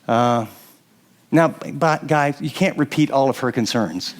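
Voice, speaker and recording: An older man preaching to a live audience, animated and conversational, often acting out what a husband or wife might say, with frequent restarts. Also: medium pitch, takes it slowly, noisy background. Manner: animated, acts out quoted spouses, frequent restarts. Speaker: pastor. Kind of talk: sermon teaching to a live audience.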